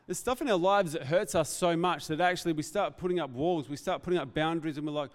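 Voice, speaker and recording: An earnest man preaches, his voice sitting a little high for a man. He talks in a reflective, heartfelt way and speaks off the cuff. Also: brisk, hardly any pauses, smooth, in a large hall. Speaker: pastor. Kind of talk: sermon.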